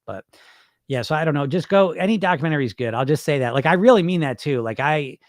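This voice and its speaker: A man's voice: fairly high pitch, expressive, quick pace, dry recording, clean studio sound. A man hosting a weight loss podcast, answering viewer questions in loose, rambling chat with casual swearing. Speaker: weight loss hypnosis coach, podcast host.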